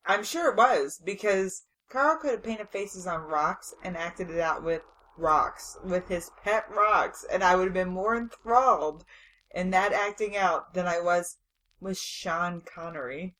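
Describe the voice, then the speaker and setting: A woman's voice: fairly low pitch, a little slow, fairly bright tone, poor audio. Blunt, exasperated young woman reviewer. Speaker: podcast co-host. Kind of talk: casual movie review chat.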